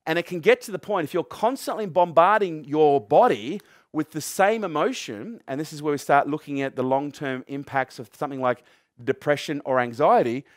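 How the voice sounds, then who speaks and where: A man's voice: a little high, no room sound, clean studio sound. A middle-aged man giving a motivational talk to a live audience. He talks emphatically, swears freely and throws questions at the crowd. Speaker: motivational speaker.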